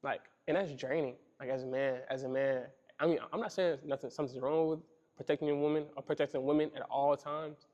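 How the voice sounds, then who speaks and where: A man's voice: a little high, steady tone, brisk, a little mellow, lo-fi sound. A young man hosting a podcast, speaking earnestly and casually about men's feelings, often repeating himself and calling the listener "bro". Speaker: podcast host. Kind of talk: reflective monologue on men's feelings.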